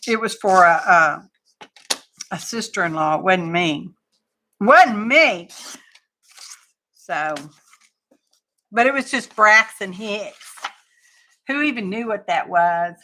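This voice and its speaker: With slight background noise behind her, a woman with a Texan accent talks slowly and pauses often on her crafting livestream. Her medium-pitched voice is sharp in tone with lively intonation. She chats casually, rambling through folksy stories and asides.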